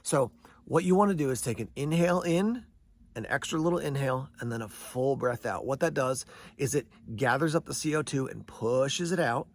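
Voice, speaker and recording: A man's voice: medium pitch, lively intonation, moderate pace, slight background noise. A man hosting a survival channel, talking casually to camera and explaining things step by step, answering questions he imagines from his viewers. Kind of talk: casual instructional talk to camera.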